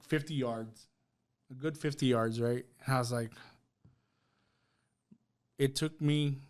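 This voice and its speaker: With a clear, resonant mid-range voice, a man appears as a podcast guest sharing a personal story conversationally. He acts out quoted dialogue and often tosses in "right?" and "bro."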